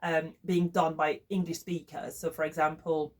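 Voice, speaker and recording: A woman's voice: deep voice, little pitch movement, normal speed. A woman with a French accent, whose first language is French, chatting enthusiastically as she reviews sewing patterns and thinks aloud. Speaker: sewing vlogger. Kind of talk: casual chat reviewing patterns.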